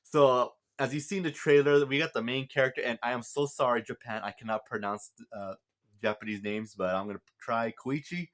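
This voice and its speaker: A man of average pitch recapping a film in a loose, chatty review. He rambles and restarts often, with frequent filler words and a chuckle here and there. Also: fairly even intonation, a little fast, a bit bright. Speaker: movie reviewer. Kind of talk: casual spoken movie review.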